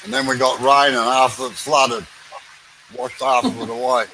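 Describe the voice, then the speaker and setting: A man's voice: medium pitch, fairly even intonation, normal speed, sharp tone, slight background noise, low-quality recording. A man with an Australian accent in casual chat, talking in a laid-back drawl with blunt local slang.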